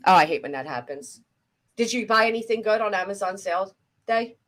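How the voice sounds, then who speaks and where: A middle-aged woman hosting a casual reaction chat, chatty and animated, swearing casually. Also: medium pitch, fairly quick. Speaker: commentary host.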